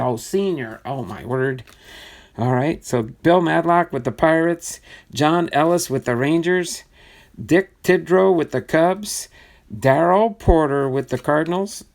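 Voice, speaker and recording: Slow-talking chatty man on a livestream. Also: a little high, gravelly. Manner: chatty, reads names aloud, excitable bursts. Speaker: livestream card breaker. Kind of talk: live box-break commentary.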